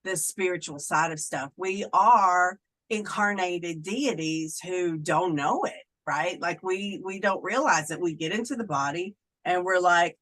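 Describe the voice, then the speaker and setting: A woman's voice: fairly low pitch, a little slow, a bit bright, low-quality recording. A middle-aged woman, a Wiccan clergy member, talking casually in an interview and slipping into playful voices when she quotes people.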